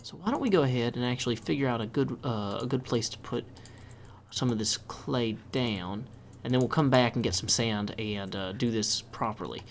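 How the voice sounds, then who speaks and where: A man's voice: medium pitch, normal speed, slight background noise. Chatty man narrating his gameplay. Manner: chatty, upbeat, thinking aloud as he plays. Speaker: let's play host. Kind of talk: casual gameplay commentary.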